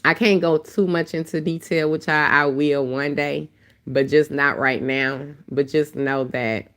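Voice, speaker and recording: Woman, very low deep voice, dry throat, blunt, profane, casual livestream chat, phone mic. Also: fairly even intonation, measured pace, a bit bright. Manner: blunt, profane, heated storytelling. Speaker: livestream host.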